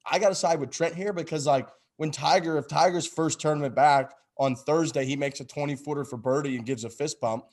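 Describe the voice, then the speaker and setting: A man co-hosting a podcast in casual chat, teasing and trading quick jabs. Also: on the high side, steady tone, darkish tone. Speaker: podcast co-host.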